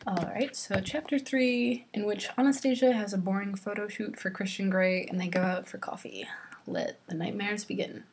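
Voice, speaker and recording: Woman vlogger, mid-pitched voice, sarcastic book commentary with eye-rolling asides. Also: steady tone, normal speed, slight background noise. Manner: exasperated, eye-rolling, drops into whispers. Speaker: vlogger reading a novel aloud.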